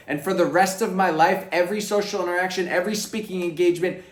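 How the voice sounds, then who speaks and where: Brash swearing man in an echoey room. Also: sits high. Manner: brash, swearing freely, swings between hushed and loud emphatic bursts. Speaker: vlogger. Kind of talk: profane personal storytelling to camera.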